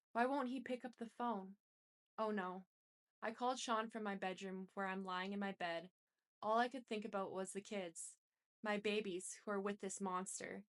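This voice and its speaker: A woman reads a first-person memoir aloud with intense, emotional delivery. Her voice sits at a middle pitch for a woman, and she carries the tension of the story line by line. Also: fairly bright tone. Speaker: reader. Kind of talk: dramatic first-person book reading.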